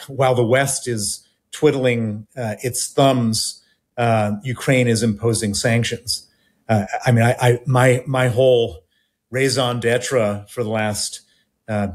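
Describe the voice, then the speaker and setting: A man giving a radio interview as a guest who talks in halting bursts with many restarts and repeated words. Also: mid-range voice.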